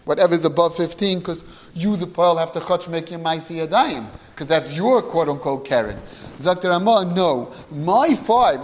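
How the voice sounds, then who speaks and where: A man with a high voice lectures a Talmud class in a lively, animated way. He acts out the two sides of a deal and keeps dropping Hebrew and Yiddish terms into his English. The sound carries a long reverb from the room. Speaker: Talmud teacher.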